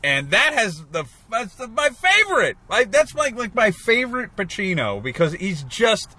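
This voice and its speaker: A man's voice: high voice, big pitch swings, moderate pace, bright, forceful tone, slightly rough. A man in casual chat, rambling about old movies and acting out lines.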